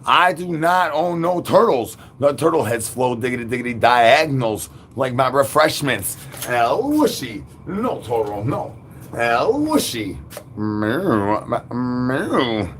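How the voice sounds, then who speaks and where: A man rambles through an absurd monologue, full of sing-song rhymes and silly made-up words. His voice sits in an ordinary middle pitch. Faint background hiss runs under the recording. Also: animated, a little slow, hardly any pauses, a bit bright. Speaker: livestream host.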